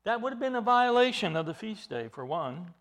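A man preaching an expository sermon, emphatic, with his voice rising into loud bursts. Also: high voice, very animated, fairly quick.

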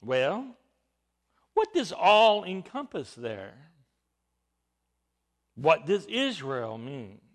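A high-voiced man delivers a Bible teaching sermon at a slow, deliberate pace. His pitch swings widely as he leans hard on key words. His delivery is emphatic throughout. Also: very animated. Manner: emphatic, rising and falling with stress on key words. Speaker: preacher.

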